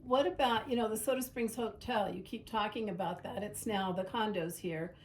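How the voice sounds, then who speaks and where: A woman's voice: medium pitch, normal speed, recorded from a distance. A woman interviewer asking conversational questions to prompt stories.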